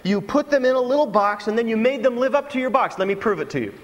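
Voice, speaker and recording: A man's voice: very high-pitched, quick pace, big-room sound. A man preaching a sermon to his congregation, telling stories and acting out mocking voices. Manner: animated storytelling with mocking impressions. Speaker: pastor.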